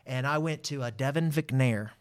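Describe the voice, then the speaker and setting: A man, a guest telling a personal testimony with lively acted-out dialogue. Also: mid-range voice, moderate pace. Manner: animated, acts out voices in his story. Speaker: interview guest. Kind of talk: storytelling testimony.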